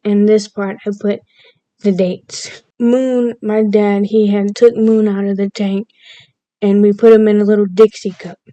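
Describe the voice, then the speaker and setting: A woman's voice: medium pitch, flat delivery, unhurried, mellow, dry recording, highs cut off. A woman vlogger casually telling a personal story, chatty and playfully overdramatic, laughing at herself now and then.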